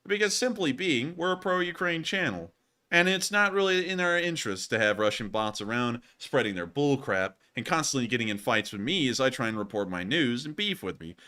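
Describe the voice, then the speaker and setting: A young man hosts a laid-back livestream news show in a high, sharp voice, joking around and teasing with quick asides.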